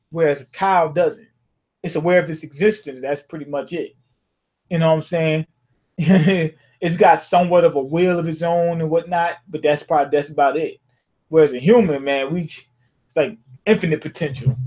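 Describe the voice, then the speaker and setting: Young guy with a high voice rambling about a manga chapter, super casual, keeps going "you know what i'm saying". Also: darkish tone. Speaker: manga reviewer.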